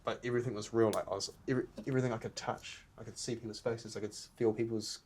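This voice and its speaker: A man's voice: fairly low pitch, little pitch movement, fast, a little mellow. A man in casual podcast chat, telling stories earnestly and emotionally, often saying "bro".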